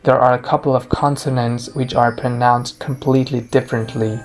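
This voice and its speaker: A man teaching a beginner language lesson, saying each sound loudly and drawn out, then explaining it quietly. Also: mid-range voice, little pitch movement, moderate pace, slight background noise. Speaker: Chinese teacher. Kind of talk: slow, deliberate pronunciation lesson. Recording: soft music underneath.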